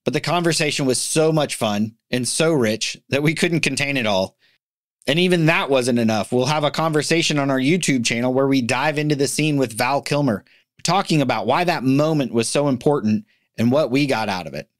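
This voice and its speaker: A man's voice: mid-range voice, a little fast, no room sound. Chatty male podcast host, dry close sound. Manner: chatty, laughs easily, frequent restarts. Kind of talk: casual podcast chat.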